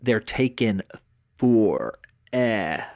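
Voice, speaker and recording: A man in his thirties co-hosting a podcast, telling stories in a slangy, animated way and acting out quotes. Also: on the low side, very slow, vocal fry. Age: 30s. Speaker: podcast co-host. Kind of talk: casual storytelling chat.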